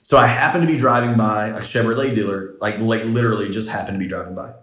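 A man's voice: lowish voice, fast, a bit bright, echoey room. A man telling a personal story as a podcast guest, in a loose, rambling way full of "like". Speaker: entrepreneur guest. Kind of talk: casual storytelling in a podcast interview.

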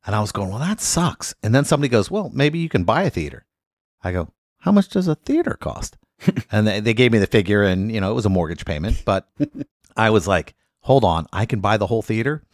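A man's voice: lowish voice, quick pace, dry recording, studio quality. A man, a guest lawyer, telling comic stories in casual podcast chat and acting out the people he quotes. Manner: animated, acts out quotes in loud voices.

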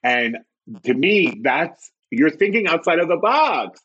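Husky, lively storytelling man. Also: unhurried, lo-fi sound. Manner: expressive storyteller, swings pitch widely. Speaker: comedian guest. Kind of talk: animated anecdotal chat.

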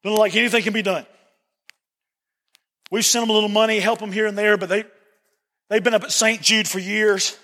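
A man's voice: sits high, steady tone, brisk, pauses often, pushed and bright, long reverb tail. A man preaching a sermon to a church congregation, earnest and repeating phrases for emphasis. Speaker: pastor. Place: church sanctuary.

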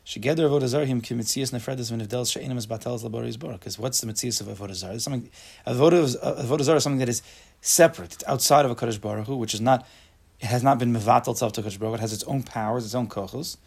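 Man, casual Torah class, husky, gravelly, acts out angry voices, questions the class. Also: mid-range voice, rapid-fire, a little mellow. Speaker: Torah teacher. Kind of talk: casual shiur, reading and explaining a text.

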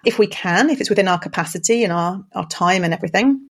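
A woman co-hosting a podcast, calm and gently encouraging. She speaks in thoughtful, measured phrases at a middle pitch. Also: breathy edge. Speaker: podcast co-host. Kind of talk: casual conversation.

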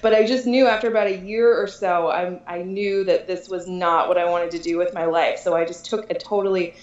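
A woman's voice: fairly low pitch, fairly even intonation, a little fast, darkish tone, roomy sound, dull audio. A woman being interviewed as a dating coach, chatting casually, laughing often and restarting her sentences. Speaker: podcast guest, dating coach.

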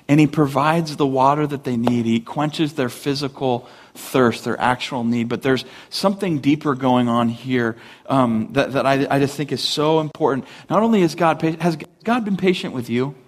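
A man delivers a sermon from the pulpit in a relaxed, conversational tone. His voice sits in a middle range. He brings the story to life by acting out the characters in animated voices. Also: mid-range voice, normal speed. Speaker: pastor.

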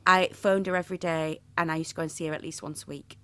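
Animated regional English woman priest. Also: low-pitched, quick pace, clean tone, dry recording. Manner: playful, animated storytelling. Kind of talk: conversational interview.

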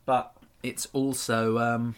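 A man's voice: medium pitch, flat delivery, slow, clean tone. A man hosting a podcast in casual chat, joking and rambling with frequent laughs. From Norfolk, England. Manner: jokey, rambling, laughs often. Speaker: podcast host.

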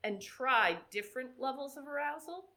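Animated woman storyteller. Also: sits high, normal speed. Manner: animated storyteller, acts out quoted dialogue. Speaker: sports psychologist guest. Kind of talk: conversational podcast interview.

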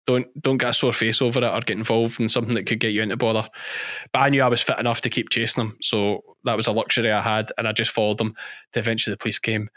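A man's voice: medium pitch, fairly bright tone, no echo, studio quality. Chatty man telling stories. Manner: chatty storytelling, laughs often, repeats himself. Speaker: guest, former policeman and sheep farmer. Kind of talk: casual podcast interview.

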